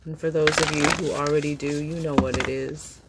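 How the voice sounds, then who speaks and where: A woman giving a casual, upbeat tarot reading, chatty and quick to laugh. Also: deep voice, fairly even intonation, very noisy. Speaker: tarot reader.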